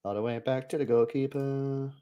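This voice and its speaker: A man's voice: medium pitch, fairly even intonation, moderate pace, clear, resonant tone, dull audio. A young man hosting a live football watchalong, chatting casually with viewers in slang and rambling with restarts. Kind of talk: casual live match commentary.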